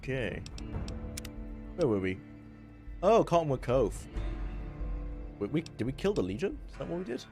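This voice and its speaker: A young man with a Welsh accent chatting casually while streaming a game, barking quick orders at his squad. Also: medium pitch, very animated, music in the background. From Wales. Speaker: livestreamer. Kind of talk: live gameplay commentary.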